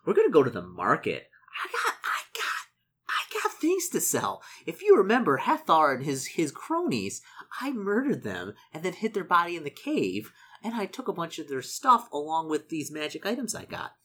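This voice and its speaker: A man playing a solo tabletop adventure, reading out the rules and shop lists and doing his sums aloud, easily excited. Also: a little high, normal speed, few pauses. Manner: excitable, muttering calculations. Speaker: solo tabletop game player. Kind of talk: casual narration of a solo gamebook.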